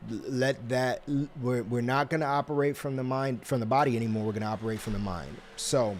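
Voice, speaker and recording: Guy hosting a self-help talk, middle pitch, rambly, lots of restarts and ums, acts stuff out in little voices. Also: fairly even intonation, a little fast, a little hiss or hum. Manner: rambling, with many restarts and fillers; acts out scenes with small put-on voices. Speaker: host.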